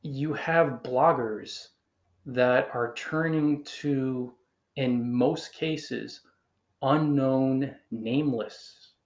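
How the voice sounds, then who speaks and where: A blogger from northern New Jersey, speaking with that region's accent, gives his listeners advice in a casual way, firing off emphatic rhetorical questions. His medium-pitched voice draws out words, and the room sounds echoey.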